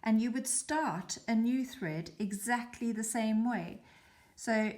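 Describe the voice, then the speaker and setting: A woman hosting a beading tutorial, calmly explaining each step as she works. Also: fairly high pitch, slow. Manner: calm, chatty explaining while working. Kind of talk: step-by-step craft demonstration.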